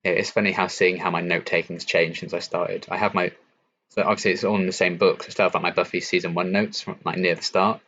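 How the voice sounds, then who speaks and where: A young man from England hosting a casual late-night live-stream Q&A, answering chat in a relaxed, chatty way with lots of ums and likes. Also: sits low, quick pace. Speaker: YouTube reaction channel host. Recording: slightly dull lo-fi stream audio.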